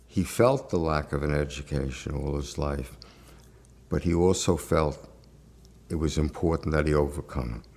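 A man tells stories in an interview with lively, anecdotal energy. His voice is deep. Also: normal speed. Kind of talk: interview storytelling.

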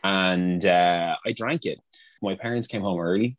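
A man's voice: low-pitched, unhurried, no room sound. Laughing man telling stories. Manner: rambling, laughs often, restarts. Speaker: guest. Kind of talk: casual storytelling chat.

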